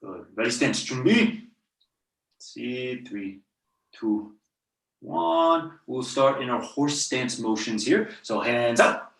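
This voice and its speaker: A taekwondo instructor leading a belt test over a video call, barking counts and commands and letting out loud yells, recorded in a studio. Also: mid-range voice, slow pace, gravelly. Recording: roomy echo, far from the mic.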